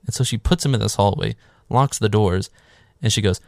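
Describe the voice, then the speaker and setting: Sarcastic male movie recapper, lowish voice, dry close sound, loose and profane. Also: normal speed, vocal fry, no echo. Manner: sarcastic, swears freely, filler "like". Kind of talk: casual comedic movie recap.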